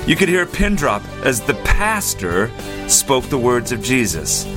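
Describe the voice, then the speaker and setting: A man telling a short devotional story as a radio pastor, with calm emphasis. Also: medium pitch, unhurried, music in the background.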